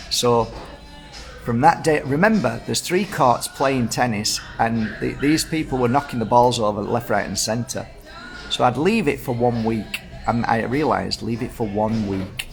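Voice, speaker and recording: A man's voice: mid-range voice, lively intonation, measured pace, gravelly, faint music behind. A man in his fifties with a Yorkshire accent, casually rambling through anecdotes full of reported speech. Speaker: host. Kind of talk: casual storytelling chat.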